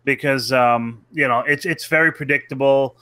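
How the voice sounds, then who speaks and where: Bright, dry-sounding male podcaster. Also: mid-range voice, fairly even intonation, moderate pace, no echo. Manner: rambling, heavy swearing, lots of fillers. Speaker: podcast co-host. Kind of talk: casual podcast chat.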